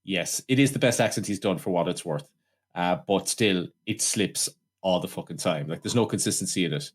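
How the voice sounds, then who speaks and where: A man's voice: sits low, a little fast, husky. A man co-hosting a casual film podcast, ranting animatedly, swearing often and acting out quotes. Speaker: podcast co-host. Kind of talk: casual film review chat.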